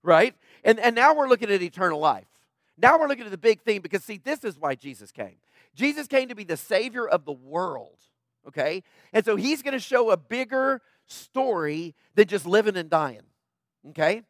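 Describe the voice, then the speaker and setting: High-voiced man preaching a sermon. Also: sing-song, normal speed, fairly bright tone, no echo. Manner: conversational preaching, frequent "right?" asides. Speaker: pastor.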